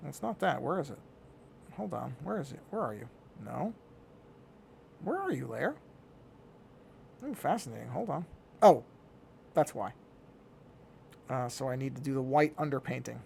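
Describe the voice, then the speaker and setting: A man's voice: medium pitch, creaky, a little mellow, slight background noise. A middle-aged man talking casually to himself as he works on a digital drawing, muttering and thinking aloud. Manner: talks to himself while working, muttering. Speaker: digital artist.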